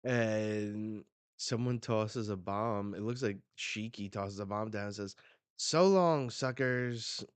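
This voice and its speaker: A man's voice: fairly low pitch, little pitch movement, a little slow, smooth, no echo. A man hosting a live reaction, casually reading a comic aloud, narrating the panels and laughing often. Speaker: manga reaction host.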